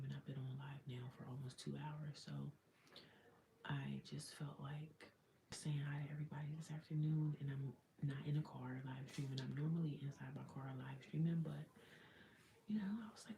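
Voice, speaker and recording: A woman hosting a casual livestream from a small rented room, speaking in a low, mostly whispered voice so her roommates won't hear. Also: fairly even intonation, normal speed, gravelly, mellow, slight background noise. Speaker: livestream host.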